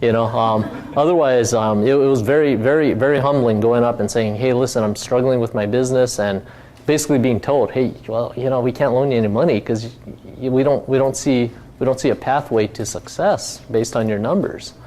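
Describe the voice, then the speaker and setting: A man's voice: mid-range voice, a little fast, mellow. Rambling man giving a casual talk. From Hawaii. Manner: rambling, many fillers and restarts. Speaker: company founder giving a talk.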